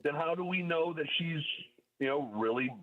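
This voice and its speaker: With a fairly high voice and moderate pace, a man calling a radio talk show comments methodically, taking his points in sequence. Fillers crop up often, and the sound is typical of a phone-line caller.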